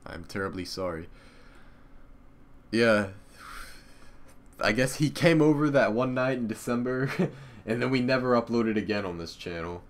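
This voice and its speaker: A man's voice: medium pitch, lively intonation, measured pace, long pauses. A young man, a YouTuber, rambling casually and profanely about old channels, laughing often. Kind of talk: casual nostalgic commentary.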